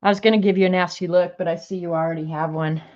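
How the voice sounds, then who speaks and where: A woman with a low-ish voice reads sassy one-liners aloud in a chatty home video, laughing a little between them. The sound is dull and lo-fi, as if from a camera or phone mic. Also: fairly even intonation, quick pace, darkish tone. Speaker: crafter sharing sayings on video. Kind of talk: casual reading of sassy sayings to camera.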